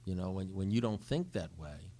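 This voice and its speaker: Middle-aged guy with a lowish voice sharing his recovery story, acts out the back-and-forth dialogue. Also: normal speed, husky. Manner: animated storytelling, acts out both sides of dialogue. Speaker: recovery speaker. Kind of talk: recovery talk to a group.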